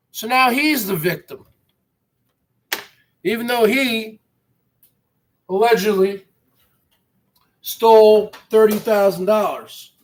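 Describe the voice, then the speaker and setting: A man hosting a livestream, ranting in an indignant, repetitive and emphatic way. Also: high-pitched. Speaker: livestream host.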